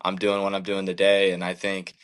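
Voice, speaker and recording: This baseball pitcher in his thirties, a guest in an interview, has a deep, clean, fairly bright voice that stays monotone while moving at a brisk clip. Earnest and reflective, he fills his story with words like "like" and "man," though the recording itself is rough.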